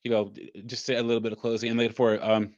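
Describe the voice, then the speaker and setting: A man hosting a casual podcast reaction chat, talking haltingly with stumbling restarts. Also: mid-range voice, flat delivery, a little mellow, dry recording, muffled recording. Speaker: podcast host.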